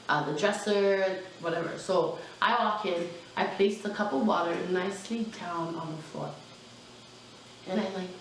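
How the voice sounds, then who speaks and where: A young adult woman telling a personal storytime in a casual, animated way, full of fillers and asides. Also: lowish voice, distant mic, slight background noise. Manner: chatty, animated, lots of fillers. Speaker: vlogger. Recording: very echoey room, mic set back.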